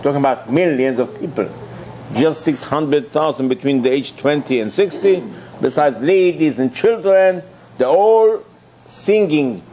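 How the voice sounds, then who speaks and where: A man giving a sermon as a rabbi, telling a story lively acted-out dialogue and rhetorical questions. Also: on the high side, measured pace, a little hiss or hum.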